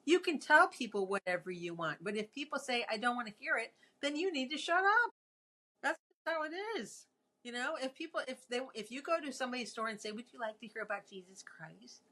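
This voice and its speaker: A woman holds forth in casual conversation, firm and opinionated. Her voice is bright and sharp and sits slightly high. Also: expressive, fairly quick. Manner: opinionated, emphatic. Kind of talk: casual chat.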